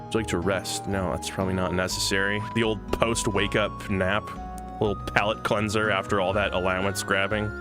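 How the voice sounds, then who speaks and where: A man with a fairly low voice chats in a loose, rambling way while he plays a game live. He often breaks off and restarts his sentences, and game music plays underneath. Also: level tone, fairly quick. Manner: rambling, chatty, self-interrupting. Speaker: game streamer. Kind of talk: casual live-stream commentary.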